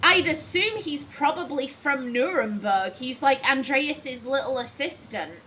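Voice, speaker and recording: A woman's voice: sits high, expressive, measured pace, bright, forceful tone, a little hiss or hum. A young English woman casually commentating as she plays a video game, chatty and full of theories. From England. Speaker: let's play streamer.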